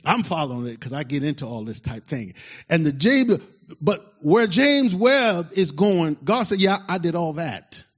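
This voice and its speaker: A man preaching a sermon to his congregation, his voice sitting a little high for a man. His delivery is fervent and emphatic, swinging from loud, fired-up exclamations to soft asides. The recording is dull and lo-fi. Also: very animated, a little slow. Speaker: pastor.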